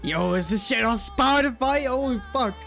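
A young man swearing freely as he reacts casually to an anime opening and ending, loud and excited at times, hushed and quiet when moved. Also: extremely high pitch, moderate pace, creaky. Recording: faint music playing behind. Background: anime music playing.

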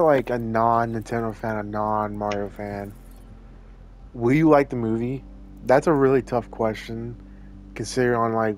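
Guest, male, fairly low voice, quick and profane, faint noise behind. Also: a little mellow. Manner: quick bursts, casual swearing. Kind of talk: casual movie review chat.

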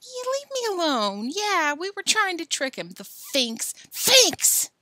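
A woman voicing an angry young boy who shouts and threatens in a storybook reading. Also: sing-song, measured pace, no room sound, heavily acted. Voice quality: high, shrill yells.

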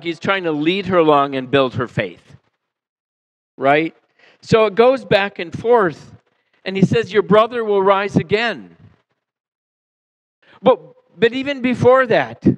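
A male pastor preaching a sermon in a church, animated and conversational, acting out the people he quotes and asking his listeners questions. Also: high voice, low-quality recording. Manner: animated, acts out quoted voices, asks the congregation questions. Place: church sanctuary.

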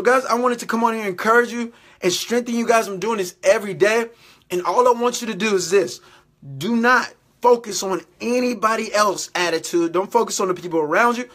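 A man's voice: very high-pitched, fairly bright tone. A man giving motivational faith talk to his camera, exhorting and repeating himself, often checking in with "all right?". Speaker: faith vlogger.

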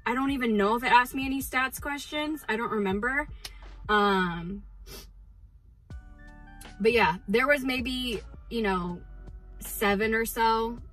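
Chatty young woman vlogging, excitable. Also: on the high side, a little slow, pauses often, soft background music, rough recording. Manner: excitable and chatty, with many fillers and restarts. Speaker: teacher vlogger. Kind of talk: casual vlog chat.

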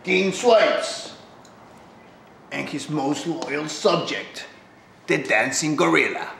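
A man's voice: a little high, lively intonation, slow, gravelly, fairly bright tone, slight background noise. A man with a German accent cutting a boastful, domineering wrestling promo as commissioner. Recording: echoey room with music behind. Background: music.

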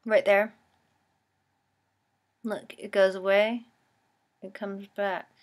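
A woman's voice: mid-range voice, little pitch movement, slow. A woman in her twenties from the East Coast of the United States, chatting to her camera at home in a rambling way full of "like" and "um". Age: 20s. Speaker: vlogger. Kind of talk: casual chat to camera.

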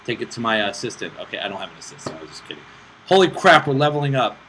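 A young man hosting casual gameplay commentary, excitable and self-mocking, swearing often while playing on a laptop with friends nearby. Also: medium pitch, rapid-fire. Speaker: gaming channel host. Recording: steady background noise with mouse clicks.

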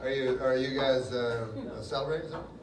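A middle-aged man doing live stand-up with a deadpan, rambling delivery and mumbled fillers, heard in a large hall with a live audience. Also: medium pitch, brisk, far from the mic, very noisy. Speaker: stand-up comedian. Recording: roomy live hall, loud crowd laughter.

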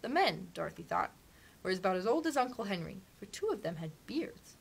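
A woman librarian reading a storybook aloud for children, expressive and animated, with gasps at dramatic moments. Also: medium pitch, brisk, vocal fry, breathy edge, rough recording.

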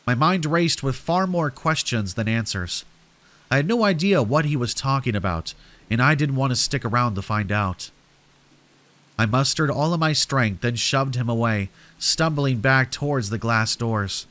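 A man narrating scripted horror stories for sleep in a steady, measured way. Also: mid-range voice.

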